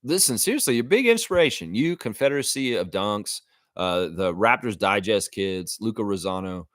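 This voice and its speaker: A man hosting a casual sports livestream, reading chat and breaking into animated, profane rants. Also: lowish voice, normal speed, no room sound, clean studio sound. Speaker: livestream host.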